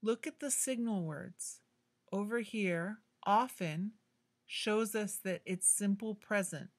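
A woman teaching an English grammar lesson, explaining slowly and clearly in a patient way. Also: mid-range voice.

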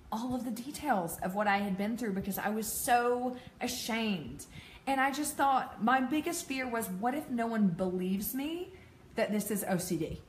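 A woman's voice: medium pitch, slight background noise. Give me a woman in her thirties, candid and self-deprecating, speaking to an audience in an echoey room. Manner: candid, laughs often, self-deprecating asides. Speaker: peer support speaker. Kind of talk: personal talk to an audience.

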